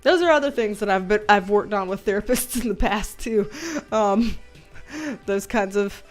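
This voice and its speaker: A woman's voice: mid-range voice, normal speed, faint music behind. A Southern American woman in casual livestream chat from home, rambling and talkative, laughing often as she greets viewers. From Southern United States. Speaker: livestream host.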